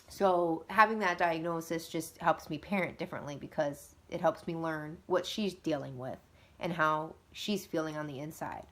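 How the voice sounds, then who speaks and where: A woman, likely in her thirties, talking earnestly and conversationally about parenting and getting help, with lively emphasis. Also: fairly low pitch. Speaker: mother of two. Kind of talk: casual advice talk.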